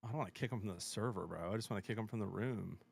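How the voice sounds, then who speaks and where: A man hosting a casual sports chat on a live stream, excitable and full of slangy banter about bets. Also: lowish voice, racing, vocal fry, breathy edge. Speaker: sports show host and streamer.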